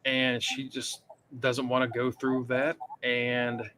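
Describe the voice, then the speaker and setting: A man's voice: mid-range voice, monotone, slow pace, bright, forceful tone, a little hiss or hum. A man co-hosting a podcast, chatting casually and rambling through episode details with fillers. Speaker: podcast co-host. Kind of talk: casual chat recapping a TV episode.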